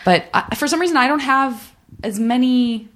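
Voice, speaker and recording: A woman's voice: high-pitched, normal speed, a bit bright, slight background noise. A woman hosting a podcast, asking long, rambling questions with frequent restarts in casual chat. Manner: rambling, self-correcting questions. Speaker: podcast host.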